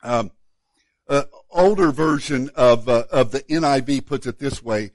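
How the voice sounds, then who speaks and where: A man, a pastor, preaching a sermon in a relaxed, conversational way, often repeating words as he restarts a thought. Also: mid-range voice, unhurried, no room sound.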